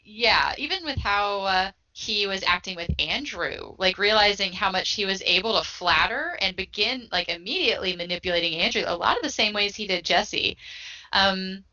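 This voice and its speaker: A woman's voice: mid-range voice, normal speed, sharp tone. A woman co-hosting a podcast, chatting frankly and casually, swearing now and then and laughing often. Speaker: podcast co-host. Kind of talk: casual chat. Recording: dull lo-fi podcast audio.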